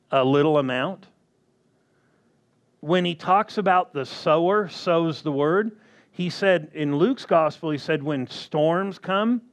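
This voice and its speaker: A man with a voice on the high side preaches a sermon slowly and emphatically, frequently turning questions to the congregation.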